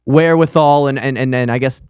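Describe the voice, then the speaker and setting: A man's voice: medium pitch, brisk, a little mellow, clean tone, dry recording, clean studio sound. A man on a comedy podcast, talking in a rambling, self-deprecating way and often restarting his sentences. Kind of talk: casual comedy podcast chat.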